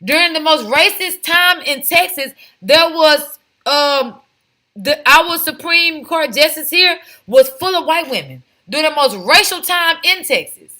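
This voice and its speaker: Woman vlogger going off, high bright voice, lots of rhetorical questions. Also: expressive, measured pace. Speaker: commentary vlogger. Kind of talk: opinionated commentary. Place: home, lives in Texas.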